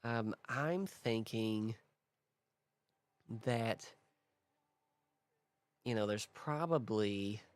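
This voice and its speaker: A man's voice: fairly low pitch, animated, drawn-out words, long pauses, clear, resonant tone, no echo. A man hosting a casual worldbuilding talk, thinking aloud in a rambling way with restarts and small laughs. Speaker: host.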